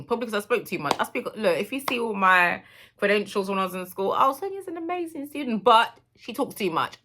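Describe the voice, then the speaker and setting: A woman's voice: mid-range voice, pushed and bright. A woman in her thirties, telling a personal story in a candid, emotional monologue for her vlog. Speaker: vlogger.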